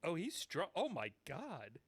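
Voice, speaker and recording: A young man chatting on a podcast, excitable and stumbling over his first words before he finds them. His voice sits a little high and swings up and down freely. The studio sound is dry and close, with no room echo. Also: unhurried, slightly rough. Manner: excitable, stammering, exclaiming. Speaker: podcast participant. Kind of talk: casual chat.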